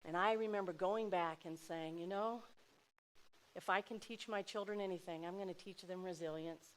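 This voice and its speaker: A middle-aged woman giving a heartfelt personal speech to an audience, swinging between loud exclamations and soft asides. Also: fairly low pitch, fairly even intonation, normal speed. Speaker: speaker at a dinner event.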